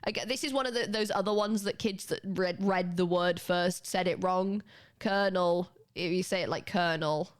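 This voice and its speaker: A woman's voice: medium pitch, normal speed, hardly any pauses. Chatty British woman streamer. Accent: British English. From United Kingdom. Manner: chatty and animated, swears casually, laughs often. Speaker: livestreamer. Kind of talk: casual chat with stream chat.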